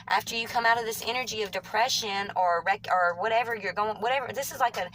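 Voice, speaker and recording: A woman with a Southern US country twang, reading tarot cards for viewers in a fast, rambling way, often correcting herself mid-sentence. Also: medium pitch, fairly bright tone, a little hiss or hum, poor audio. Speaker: tarot reader.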